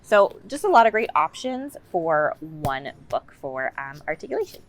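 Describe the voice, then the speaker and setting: Low-voiced woman explaining speech tips. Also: sing-song, moderate pace, soft background music. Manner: conversational, explanatory. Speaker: communicative disorders assistant.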